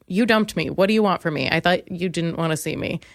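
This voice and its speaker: A woman's voice: on the low side, fast talker, no echo, clean studio sound. A young woman hosting a podcast, telling a comic story and acting out the other voices. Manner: animated, acts out voices in quotes, laughs often. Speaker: podcast host. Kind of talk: comedic storytelling monologue.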